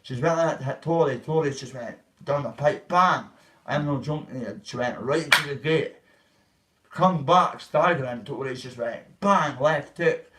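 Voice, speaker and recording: A man's voice: mid-range voice, normal speed, fairly bright tone, a little hiss or hum. A man telling a story to his livestream viewers in a rambling, profane way, acting out what others said. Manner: rambling, profane, acts out quoted voices. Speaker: vlogger. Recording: voice a bit far from the mic.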